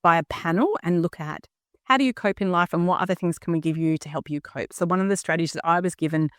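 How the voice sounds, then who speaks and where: This Australian podcast host in her fifties has a lowish, clear, resonant voice and speaks at a quick pace on her personal solo show. She talks earnestly and candidly, often saying um and asking "okay?" The recording is dry, with clean studio sound.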